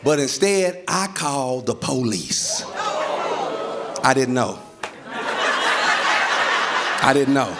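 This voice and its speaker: A man's voice: mid-range voice, slow pace, long pauses, over a noisy crowd, very noisy. A male stand-up comedian telling a story on stage, acting out voices and sound effects. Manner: animated, acts out voices and sounds. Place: comedy stage before a live audience. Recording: live stage recording with audience laughter.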